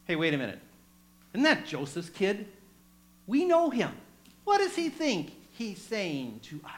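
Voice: medium pitch, wildly swooping pitch, a little slow. A preacher acting out a suspicious small-town neighbor who doubts a local boy made good.

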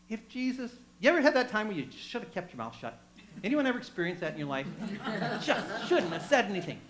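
Animated preacher telling a story. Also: medium pitch, quick pace, rough recording. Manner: animated storytelling, chatty asides to the congregation; acts out quoted voices. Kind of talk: sermon.

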